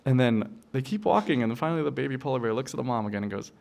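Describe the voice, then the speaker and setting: A man joking as he speaks at his mother's memorial, playful and halting, with fillers. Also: medium pitch, expressive, creaky, darkish tone. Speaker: son of the deceased, eulogy speaker.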